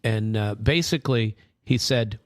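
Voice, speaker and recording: Rambling low-voiced male commentator. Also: a little slow, no room sound, studio quality. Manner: rambling, many fillers and restarts, sarcastic asides. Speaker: host. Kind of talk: casual political commentary.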